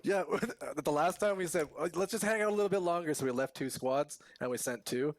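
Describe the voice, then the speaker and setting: A man, a team player, recalling a close match in a lively, chuckling way. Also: on the high side, a little fast, dry recording.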